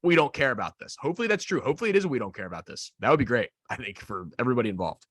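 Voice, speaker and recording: A man's voice: mid-range voice, rapid-fire, no echo. A young man co-hosting a sports podcast, talking casually in a rambling way, full of "like" and "you know". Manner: rambling, filler-heavy, animated. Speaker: podcast co-host.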